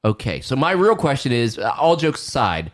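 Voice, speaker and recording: A man's voice: medium pitch, sing-song, normal speed. A man co-hosting a podcast, chatting casually and circling back with questions. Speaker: podcast co-host. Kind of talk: casual chat.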